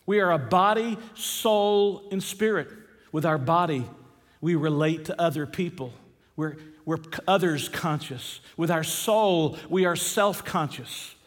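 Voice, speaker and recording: A man preaching a sermon, earnest, repeating key phrases and slowing down on the verses he quotes. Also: fairly high pitch, long reverb tail. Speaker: pastor.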